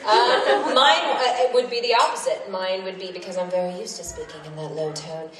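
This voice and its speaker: A woman's voice: mid-range voice, fairly quick. A woman on a voice actor panel at a convention, chatting in a giggly way. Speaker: voice actress panelist. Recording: echoey hall mic from far off, noisy.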